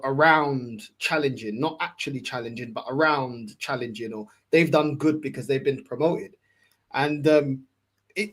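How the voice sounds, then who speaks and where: A man with a London accent, a panelist in a casual football chat, building up his argument point by point. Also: fairly high pitch.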